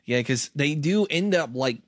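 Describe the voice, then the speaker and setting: A man co-hosting a casual chat, talking in a halting way with many fillers and restarts. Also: a little high, lively intonation, no room sound, studio quality. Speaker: podcast co-host. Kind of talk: casual chat recapping a cartoon episode.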